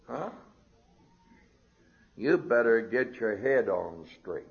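An older man preaching a sermon, animated, dropping to a low murmur and rising to high emphatic outbursts, on a dull lo-fi recording. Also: extremely slow, long pauses, husky.

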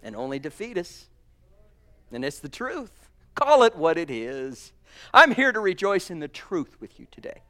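A man preaching a sermon, fervent, swinging between loud exclamations and hushed asides. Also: on the high side, sing-song, normal speed.

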